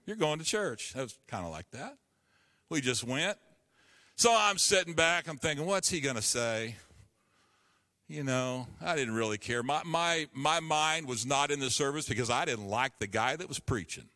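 A man's voice: mid-range voice, lively intonation, moderate pace, bright, forceful tone, long reverb tail. A pastor in his fifties tells a personal story during a sermon, earnestly acting out the voices in it. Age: 50s.

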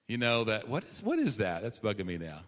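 A man's voice: on the low side, wildly swooping pitch, brisk, fairly bright tone. A man preaching a sermon as a pastor, emphatic and conversational, rising on key phrases. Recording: long hall reverb.

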